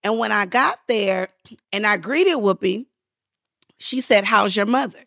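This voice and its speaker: A woman guest in a podcast interview, telling stories in a lively way and acting out the voices of the people she quotes. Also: measured pace, vocal fry, no room sound, studio quality. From Los Angeles. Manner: acts out quoted voices with big pitch jumps, laughing, lively. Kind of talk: animated storytelling in a podcast interview.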